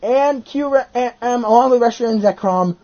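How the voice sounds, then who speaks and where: A video host telling stories in an excitable casual chat, swearing often. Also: medium pitch, fairly quick, lo-fi sound. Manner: animated, excitable storytelling with frequent swearing.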